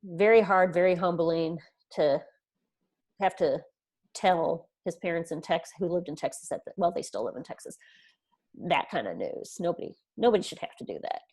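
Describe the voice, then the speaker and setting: Woman, 30s, interview guest, earnest personal storyteller, slightly low-pitched. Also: animated, moderate pace, a little mellow, breathy edge. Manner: earnest, retells events with quoted dialogue. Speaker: podcast guest.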